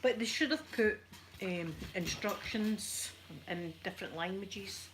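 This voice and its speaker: A woman's voice: medium pitch, a little slow. Chatty Scottish woman, noisy recording. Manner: chatty, rambling, self-deprecating. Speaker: ASMR YouTuber. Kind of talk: casual soft-spoken chat. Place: at home while ironing.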